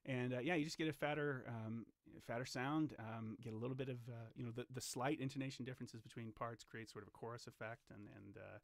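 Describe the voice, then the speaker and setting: A man's voice: medium pitch, gravelly, no room sound. A man, a vocal jazz arranger and educator, chatting casually on a livestream between recording takes, thinking aloud and chuckling at his own slips.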